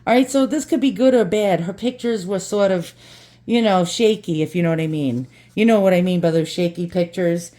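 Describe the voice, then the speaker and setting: Unboxing antiques at home among her dogs, a New York-accented antique channel host talks casually in a mellow, lowish voice at a moderate pace. She swings from an angry, cursing rant to cheerful chatter in seconds.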